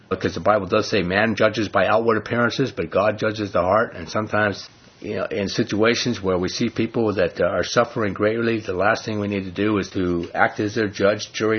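A man's voice: lowish voice, slightly rough. A man teaching from the Bible in an earnest, folksy way, full of "I mean" asides. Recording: dull lo-fi recording.

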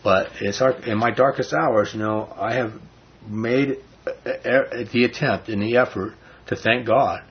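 A man leading a Bible study, reading scripture slowly and then explaining it in loose, casual talk with a husky voice. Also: medium pitch. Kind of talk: informal Bible study teaching. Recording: dull lo-fi recording.

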